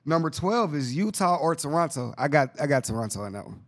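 Casual podcast host, male, a little higher-pitched, excitable, slangy and repetitive. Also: fairly quick. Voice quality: excitable, slangy, repeats himself. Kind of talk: casual basketball chat.

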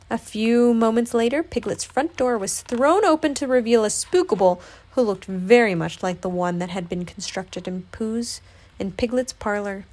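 A woman, a mother, reading a storybook aloud to her child at home in an expressive way. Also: medium pitch, moderate pace.

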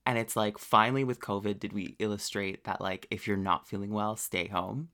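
A man's voice: fairly low pitch, fairly even intonation, moderate pace, sharp tone. Stuffed-up chatty drag queen co-host. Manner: chatty, bubbly, full of "like". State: stuffed up from a cold. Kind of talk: casual chat. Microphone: remote call setup.

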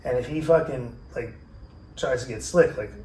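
A man spins a crude, lively story on a podcast and slips into voices for the people in it. He sits back from the mic in a roomy space. A faint hiss runs under his voice. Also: mid-range voice, normal speed, distant mic. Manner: profane, animated storyteller who acts out quotes. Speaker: podcast host. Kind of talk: casual storytelling.

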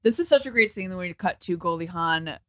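Laughing, lively woman podcast co-host. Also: fairly low pitch, a little fast, no room sound, clean studio sound. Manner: laughs often, swears casually, acts out film lines. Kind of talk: casual movie commentary chat.

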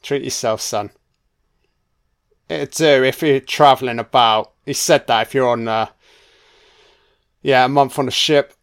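A man's voice: mid-range voice, steady tone, measured pace, long pauses, fairly bright tone, clean tone. A man giving a casual, crude audio commentary while watching a film. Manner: crude, chatty, sweary.

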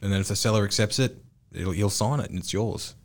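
A man's voice: lowish voice, fast. A man, a real estate agent co-hosting a podcast, chatting casually and telling rambling, self-mocking stories.

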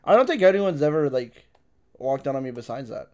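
A man's voice: medium pitch, sing-song, brisk, darkish tone. A young man co-hosting a casual podcast, telling stories loosely with lots of swearing and filler words. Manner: loose, profane storytelling with many fillers. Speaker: podcast co-host. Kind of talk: casual chat.

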